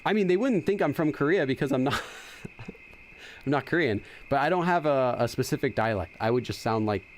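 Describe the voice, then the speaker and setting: A man's voice: mid-range voice, animated, normal speed, a little hiss or hum. A middle-aged man hosting a casual game playthrough, chatty and explaining as he goes. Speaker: gaming channel host. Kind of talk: casual let's-play commentary.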